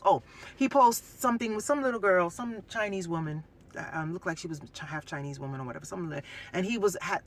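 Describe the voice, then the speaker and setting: A woman's voice: a little high, fairly bright tone. A woman venting bluntly and heatedly to her audience, cursing, repeating herself and mimicking what others said. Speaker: vlogger. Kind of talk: heated personal vent to camera.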